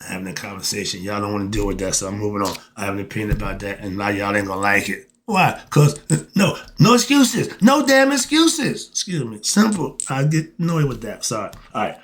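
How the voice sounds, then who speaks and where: A man's voice: lowish voice, fast, fairly bright tone. A man giving a casual spiritual monologue to camera, preachy and colloquial, asking and answering his own rhetorical questions. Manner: colloquial, often cuts himself off with 'moving on'. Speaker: self-styled philosophy teacher.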